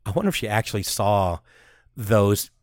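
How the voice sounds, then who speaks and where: A man co-hosting a podcast, chatting casually and excitedly, rambling and restarting his sentences. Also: lowish voice, normal speed, dry recording. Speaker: podcast co-host.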